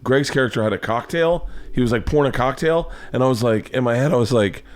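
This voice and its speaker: A man hosting a podcast, chatty and jokey, firing off quick questions in casual interview talk. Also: mid-range voice. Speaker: podcast host.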